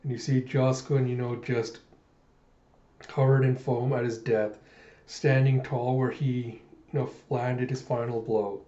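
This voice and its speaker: A man giving an animated, chatty readthrough of a comic. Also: mid-range voice, measured pace. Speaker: manga reader. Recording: muffled, echoey room.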